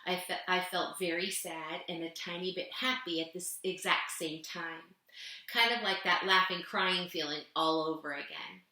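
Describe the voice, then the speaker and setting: A woman reading a children's novel aloud, gently narrating and lifting her voice for the characters. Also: steady tone, normal speed. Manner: gentle storytelling, voicing characters with raised pitch. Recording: echoey room.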